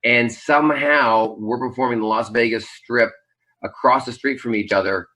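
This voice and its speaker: A man's voice: mid-range voice, fairly even intonation, normal speed, pushed and bright, poor audio. A man from Canada, a Las Vegas magician, reflecting in a rambling way with many fillers in a casual interview.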